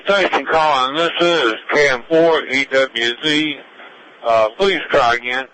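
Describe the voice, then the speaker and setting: Bright-voiced man on radio calls. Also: medium pitch, low-quality recording. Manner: brisk radio procedure. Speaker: ham radio station operator.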